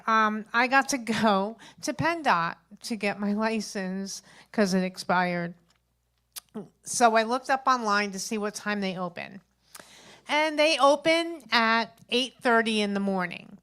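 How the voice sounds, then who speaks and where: A woman in her fifties delivers a rambling stand-up story at a small open mic. Her voice sits a little high, and she is chatty and animated, slipping into the voices of the people she describes. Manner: chatty, animated retelling with acted-out quotes. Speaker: stand-up comedian. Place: open mic stage at a local venue.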